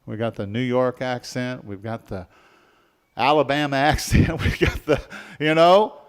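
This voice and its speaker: A man preaching a sermon as pastor, leading the congregation in call-and-response and swinging between soft and loud passages. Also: medium pitch, steady tone, a little slow, clean tone.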